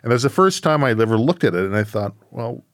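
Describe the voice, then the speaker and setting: A man's voice: on the low side, lively intonation, fast talker, dry recording, studio quality. A man hosting a podcast interview, thinking aloud reflectively with frequent tag questions. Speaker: podcast host.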